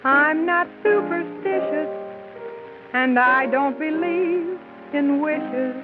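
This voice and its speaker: A woman playing a young receptionist who sings a slow, sweet love ballad in a 1940s film, on a tinny old soundtrack with a loud orchestra. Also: high voice, over loud music. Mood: tender. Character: young female receptionist, hopeful singer. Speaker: singer.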